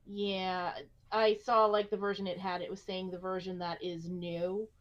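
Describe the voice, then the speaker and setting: A woman's voice: fairly low pitch, level tone, moderate pace, highs cut off. A woman chatting casually on a gaming stream, rambling and joking about her computer troubles.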